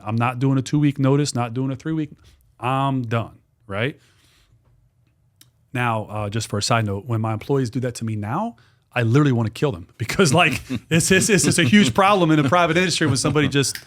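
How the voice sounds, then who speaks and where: Man in his forties, mid-pitched voice, lively podcast guest who repeats himself and swears. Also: fairly quick. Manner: animated, repetitive, swears freely. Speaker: guest, dog trainer and business owner. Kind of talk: casual podcast storytelling.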